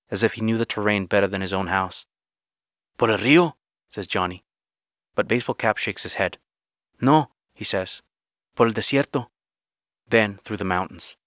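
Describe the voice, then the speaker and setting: Low, dry-voiced male story narrator. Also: bright, forceful tone, dry recording. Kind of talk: scripted first-person short story narration.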